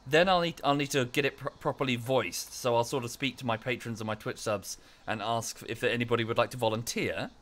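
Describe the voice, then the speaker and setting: A male streamer talking to his chat in a relaxed, rambling way, full of fillers and restarts. His voice sits at an ordinary male pitch with a bright, sharp edge. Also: a little fast, few pauses. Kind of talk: casual live-stream chat.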